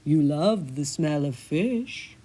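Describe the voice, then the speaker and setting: A woman voicing a sly, scheming male talking cat who speaks in a slow, deliberate drawl. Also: sits low, lively intonation, warm tone, voice pushed down, full character voice.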